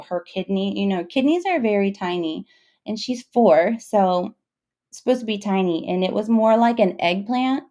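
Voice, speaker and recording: A young woman, a mother, telling a personal story in a casual, emotional, halting way, full of fillers and restarts. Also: mid-range voice, a little mellow.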